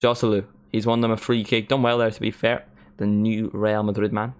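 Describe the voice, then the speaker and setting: A man's voice: fairly low pitch, level tone, a little fast, clean tone. Rambling young man commentating football. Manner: rambling, many "like" fillers, sings along at times. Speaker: football watchalong streamer. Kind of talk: casual live commentary and chat.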